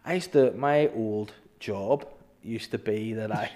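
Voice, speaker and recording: A man's voice: lowish voice, measured pace, darkish tone. A young man with a Northern Irish accent, chatting casually and telling funny stories, swearing and laughing. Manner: storytelling, swears, acts out voices, laughs a lot. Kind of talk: casual comedic chat.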